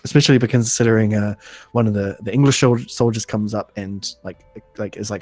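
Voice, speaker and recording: A man recapping an episode on a casual podcast, halting, full of ums and restarts, laughing often. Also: fairly low pitch, little pitch movement, darkish tone, dry recording. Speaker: podcast host.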